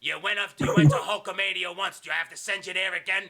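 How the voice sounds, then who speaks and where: A man's voice: high voice, fairly even intonation, fast talker, vocal fry, sharp tone, pitched above the performer's own voice, exaggerated voice. A man voicing a cruel, menacing wrestling villain who snarls profane threats and laughs mockingly. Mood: barking.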